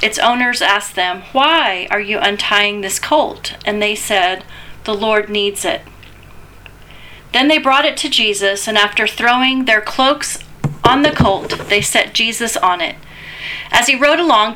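Woman reading the bible slow and careful, kinda high, bright clear tone. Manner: measured, deliberate reading. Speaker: scripture reader.

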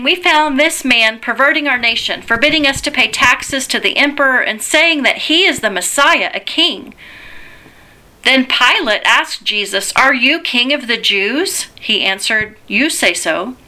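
A woman giving a measured, deliberate liturgical Bible reading as a scripture reader. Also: on the high side, bright, forceful tone.

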